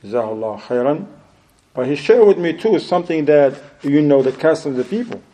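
A male religious teacher tells a story to his class in a lively, animated way. His voice sits a little high but sounds mellow and warm. His English is loosely put together and sprinkled with Arabic phrases. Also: brisk, rough recording. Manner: loosely structured, non-standard English grammar. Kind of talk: anecdotal lesson to a class.

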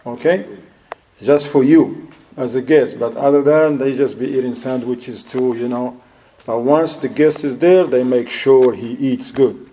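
A man giving a religious lesson, telling anecdotes in an animated way, with loose grammar and Arabic phrases sprinkled in. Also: mid-range voice, measured pace, low-quality recording. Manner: loosely structured, non-standard English grammar. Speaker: religious teacher.

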